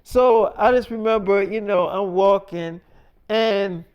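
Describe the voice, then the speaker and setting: A man's voice: high-pitched, slow pace, clear, resonant tone, lo-fi sound. A man telling a made-up story in a casual, freestyle way, acting out dialogue with lots of "I'm like".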